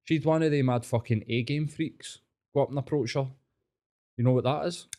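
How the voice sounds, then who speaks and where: Man, Glaswegian accent, podcast host, casual chat, sweary, animated storyteller, middle pitch. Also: moderate pace. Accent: Glaswegian Scottish. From Scotland.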